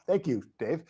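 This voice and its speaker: A man's voice: sits high, husky. A man hosting a podcast in casual chat, rambling with many fillers and restarts. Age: parent of children. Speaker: podcast host.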